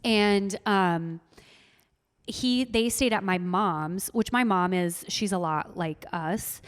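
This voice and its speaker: A woman's voice: medium pitch, slow, long reverb tail. A woman with a Minnesotan accent, chatting earnestly as a podcast guest, with lots of "like" fillers. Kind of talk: casual interview chat.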